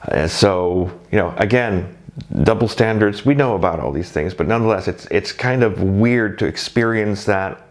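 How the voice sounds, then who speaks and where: A man with a somewhat low voice talks in a loose, rambling monologue. He pokes fun at himself as he chats along. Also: normal speed. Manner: rambling, self-deprecating, chatty. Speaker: drag performer reflecting on first night.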